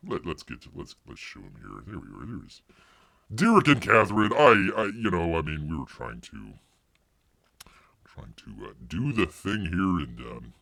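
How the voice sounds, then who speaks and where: A man's voice: low-pitched, huge pitch swings, moderate pace, vocal fry, bright, forceful tone. A man hosting a live stream in casual chat, calling himself Bear in the third person with over-the-top mock mourning.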